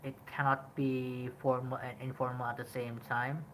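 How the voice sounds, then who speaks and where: A young man from Indonesia with an Indonesian accent, talking casually about a game in a rambling way, often pausing on "um" and "like". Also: medium pitch, slight background noise, rough recording. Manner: rambling, frequent "like" and "um", animated emphasis. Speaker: podcast host. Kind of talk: casual game review talk.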